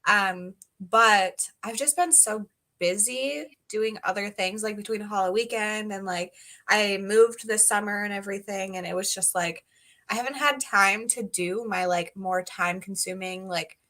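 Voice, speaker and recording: A woman's voice: mid-range voice, measured pace, pushed and bright. A young woman co-hosting a casual livestream chat, easygoing and talking loosely with fillers. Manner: easygoing, frequent "mm-hmm" backchannels and fillers. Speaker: co-host booktuber.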